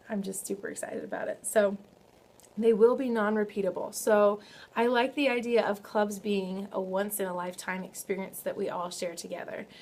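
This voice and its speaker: A young woman hosting a knitting podcast from home, chatting casually and excitedly, full of fillers and self-corrections. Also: mid-range voice, a little hiss or hum. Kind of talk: casual video podcast chat. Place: home, early morning.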